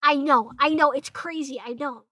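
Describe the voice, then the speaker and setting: Brief: young English streamer girl, squeaky-high and sharp, brash, curses a lot, dry close mic. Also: normal speed, no echo. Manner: loud, excitable, swears often, laughs a lot. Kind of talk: reaction stream chat.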